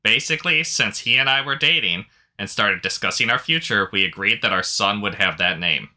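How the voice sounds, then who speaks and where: Bright-voiced man reading stories casually. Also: on the low side, fairly quick. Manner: relaxed, chuckles often. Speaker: podcast co-host reading posts.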